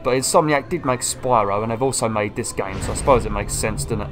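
A young man who gives casual let's-play commentary in an excitable, chatty manner, swearing and laughing often. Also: on the low side, fast talker. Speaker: gaming channel host. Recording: commentary over game music.

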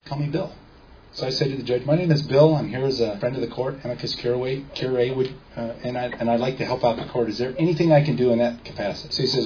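With a medium-pitched, slightly mellow voice, a man gives a laid-back lecture to a small group as a seminar speaker. He tells stories, voices people's lines in dialogue, and asks his audience questions, on a dull lo-fi recording with faint background noise.

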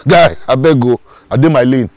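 A man playing a loud teasing Nigerian joker. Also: mid-range voice, normal speed, close to an everyday voice. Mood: alarmed. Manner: boisterous, teasing, laughing. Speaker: actor in a comedy film. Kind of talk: Nigerian Pidgin film comedy acting.

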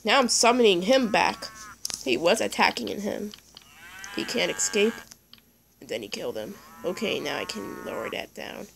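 A woman giving excitable let's play commentary, talking to the animals in her game as she plays. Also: mid-range voice, normal speed, vocal fry, slight background noise, rough recording. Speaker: gaming YouTuber.

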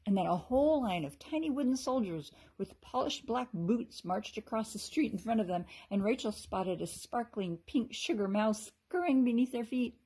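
Husky teacher reading a storybook aloud. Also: female voice, medium pitch. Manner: expressive, animated reading.

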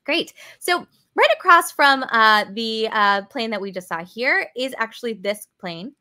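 Young female museum educator, bright, slightly high voice, chatty and upbeat. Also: lively intonation, unhurried. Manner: upbeat, chatty, answers viewer comments. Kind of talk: live virtual museum tour. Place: aircraft museum hangar.

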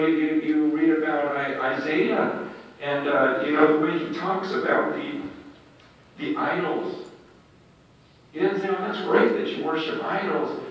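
A man preaching at a prayer breakfast, telling stories with animated delivery that swings between loud and hushed. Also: on the high side. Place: large hall. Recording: echoey hall, distant dull mic.

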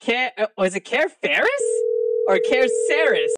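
A woman's voice: a little high, sing-song, a little slow, very noisy. A woman scambaiter on a live stream, playfully feigning annoyance at a caller. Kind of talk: casual live-stream phone call.

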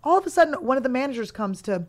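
A woman in her thirties hosting a comedy podcast, telling a story in a loose, animated way and laughing often. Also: high voice, rapid-fire. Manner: animated, laughing, talks over her guest. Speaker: podcast host.

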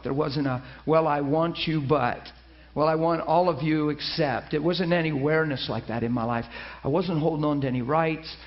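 A middle-aged man preaching, telling his own story with lively quoted voices and frequent restarts. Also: on the high side, lo-fi sound. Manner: storytelling, animated quoting with many restarts. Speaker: pastor. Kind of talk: sermon testimony. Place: church.

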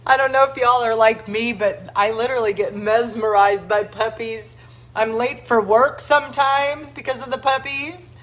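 A woman's voice: a little high, fairly even intonation, normal speed, fairly bright tone. A woman leads a dog rescue and chats casually on a livestream, cooing doting baby talk at puppies between greetings to viewers. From South Texas. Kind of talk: casual live-stream chat.

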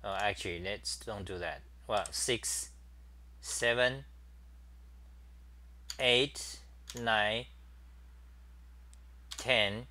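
A middle-aged man hosts a casual live stream, thinking aloud with plenty of fillers and restarts. His voice sits a little low but sounds bright and forward. He talks slowly, with keyboard typing behind him. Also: a little hiss or hum. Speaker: talk show host.

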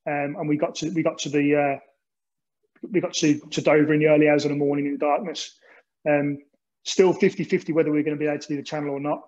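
A man's voice: fairly high pitch, flat delivery, quick pace, a little mellow. A man from England giving an informal talk about an endurance relay, rambling with many restarts and ums. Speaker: speaker recounting an endurance relay. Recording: dull lo-fi recording.

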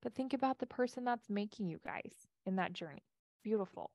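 A woman's voice: mid-range voice, animated, a little fast, a little mellow, no room sound, highs cut off. A woman life coach giving a casual coaching talk and answering audience questions, with a chatty delivery full of restarts.

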